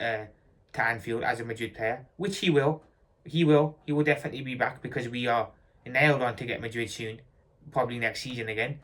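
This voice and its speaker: A man giving a blunt, repetitive fan rant about football, hammering his points home. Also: medium pitch.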